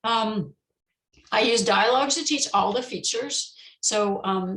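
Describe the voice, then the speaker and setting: A woman teacher giving an online conference talk on teaching pronunciation, explaining in a relaxed way with many ums and restarts. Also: fairly high pitch, takes it slowly, reverberant, low-quality recording. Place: indoors, online session.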